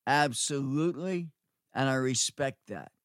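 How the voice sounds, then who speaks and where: A middle-aged man preaching a sermon, slowly repeating phrases for emphasis and swinging between loud and quiet. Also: mid-range voice, lively intonation, dry recording, clean studio sound. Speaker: preacher, former nursing home chaplain.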